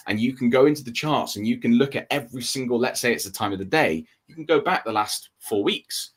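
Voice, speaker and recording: A man co-hosting a trading livestream, explaining in a steady casual way and checking in with "okay?" and "right?". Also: medium pitch, a little fast, slightly rough.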